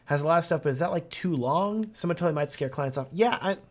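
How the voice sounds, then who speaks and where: A young man hosting a casual live stream, answering viewer questions in an animated, talkative way. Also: a little high, fast. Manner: animated, talkative, reading comments aloud.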